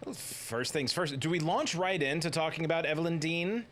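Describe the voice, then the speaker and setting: A man's voice: on the high side, moderate pace, fairly bright tone, slight background noise. A man hosting a let's play, commenting on the game in a playful, cheeky way and swearing now and then. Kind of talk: gameplay commentary.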